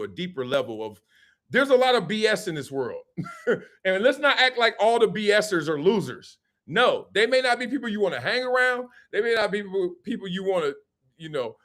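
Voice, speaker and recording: A man hosting a live-streamed sports and culture talk show, reacting to a clip in an animated, slangy way and laughing often. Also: high-pitched. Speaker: host.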